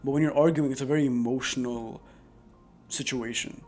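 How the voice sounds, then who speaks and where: A man's voice: mid-range voice, fairly even intonation, normal speed, a little mellow, faint music behind. A man giving earnest, rambling relationship advice straight to camera, full of "like" fillers. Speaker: advice vlogger. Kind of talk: casual advice monologue to camera. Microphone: new dedicated microphone.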